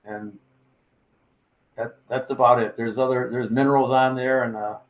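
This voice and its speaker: A man's voice: medium pitch, little pitch movement, normal speed, lo-fi sound. An older man casually presenting his wood carvings, folksy and rambling with plenty of fillers. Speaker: sculptor presenting his work. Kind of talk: casual show-and-tell talk.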